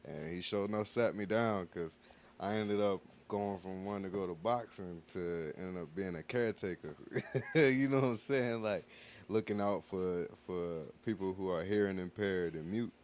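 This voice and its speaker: A man's voice: sits low, normal speed. A man appearing as a musician guest on a podcast, talking in an easygoing, reflective way and often asking "you know what I mean". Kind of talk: casual interview chat.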